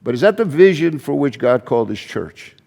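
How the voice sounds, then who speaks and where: A man's voice: mid-range voice, very animated, a little fast, gravelly, mellow, long reverb tail. A man preaching a sermon as pastor, in a conversational style with frequent restarts and asides. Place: church.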